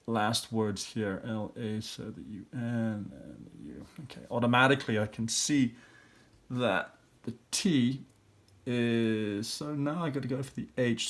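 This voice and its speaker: A middle-aged man, an elementary school teacher, walking students through a recorded review lesson and thinking aloud step by step. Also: mid-range voice.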